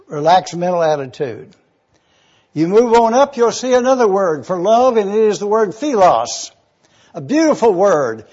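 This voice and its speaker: A man's voice: sits high, a little mellow, dull audio. A man preaching a sermon, eagerly teaching word meanings and spelling terms out letter by letter. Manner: enthusiastic teaching.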